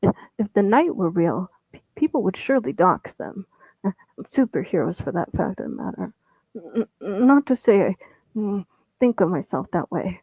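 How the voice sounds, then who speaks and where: A man reading his own first-person story in a halting, stammering way, with frequent restarts and moments where he drops to a whisper. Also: sits high, big pitch swings, vocal fry, breathy edge, no room sound. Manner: drops into an unvoiced whisper at times. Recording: tinny phone-like audio, dry.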